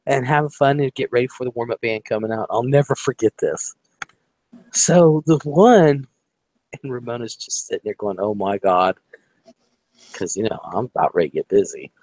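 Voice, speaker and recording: A man from Ohio speaks at a moderate pace in a medium-pitched voice, rambling through a personal story in casual talk. Animated and freely swearing, he performs the voices of the people he describes.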